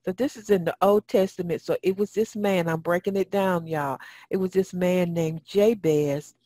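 A woman's voice: lowish voice, fairly even intonation, moderate pace, mellow, no echo. A woman radio host giving a spoken teaching on prayer, talking straight to her listeners and repeating phrases for emphasis. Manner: addresses listeners directly. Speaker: radio talk show host.

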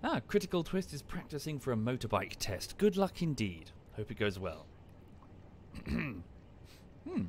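A man casually commenting on a live game stream and explaining history at length in a relaxed, wry way. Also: mid-range voice, a little slow, pauses often, slight background noise.

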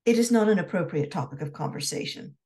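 Woman reading as sharp-tongued young Scotswoman, dry, teasing, low-voiced, storybook dialogue. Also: expressive, fast, natural voice. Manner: frank, dryly teasing. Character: witty, teasing young Scotswoman corset maker.

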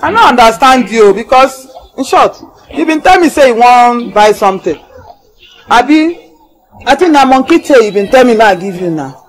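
A woman's voice: a little high, animated, normal speed, lightly acted. An actress playing a shrewd, teasing market woman who banters with a mocking laugh, in a Nigerian accent. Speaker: bar or food seller called Mama.

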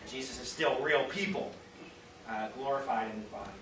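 Midwestern pastor quizzing a roomy class. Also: male voice, medium pitch, brisk, fairly bright tone. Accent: Midwestern American. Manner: conversational, asks the group questions, many fillers. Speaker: pastor teaching a Bible study. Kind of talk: interactive Bible class. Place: church classroom. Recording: roomy, distant mic, faint hiss.

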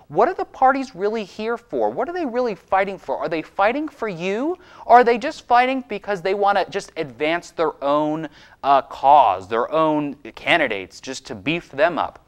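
A man's voice: on the high side, very animated, moderate pace. Young guy from maine all riled up, hammering his points home on his show. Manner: fired-up, insistent, repetitive emphasis. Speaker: host and state legislator. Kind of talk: impassioned political commentary.

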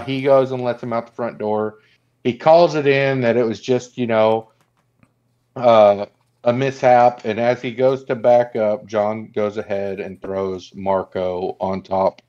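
A man's voice: mid-range voice, fairly even intonation, warm tone. A man co-hosting a podcast, casually recapping a film and acting out its lines. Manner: retells scenes acting out lines in quick voices. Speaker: podcast co-host. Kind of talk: casual movie recap chat. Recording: dull lo-fi sound.

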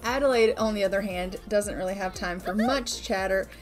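A woman's voice: mid-range voice, moderate pace, faint music behind. A woman hosting a gaming channel, giving chatty, upbeat casual commentary over her play.

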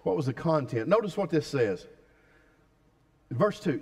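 Male pastor, sermon, emphatic, asks the congregation questions, fairly high voice. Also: lively intonation, a little slow, darkish tone.

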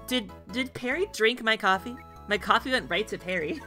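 A woman's voice: a little high, very animated, moderate pace, sharp tone, faint music behind. A woman streaming a video game, chatting with viewers in a playful, giggly way. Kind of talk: casual gaming stream chat.

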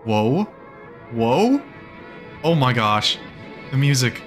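A man playing through a game and reacting in excited bursts. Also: mid-range voice, drawn-out words, soft background music. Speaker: let's play gamer.

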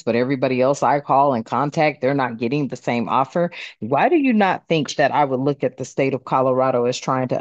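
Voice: mid-range voice, no echo, muffled recording. A tarot reader giving a casual card reading, talking bluntly with plenty of swearing and rambling fillers.

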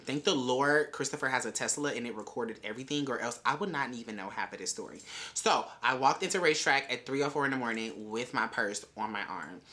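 A woman's voice: rumbling low, bright, forceful tone. A young woman telling a wild story in a vlog, brash and full of swearing. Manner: brash, profane, chatty storytelling. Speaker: vlogger.

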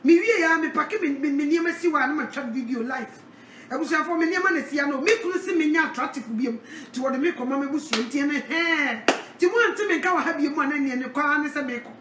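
A woman preaching a sermon, animated, with a repeated call-out refrain. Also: sits high, fast, far from the mic, a little hiss or hum. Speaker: evangelist. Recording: echoey, from off the mic.

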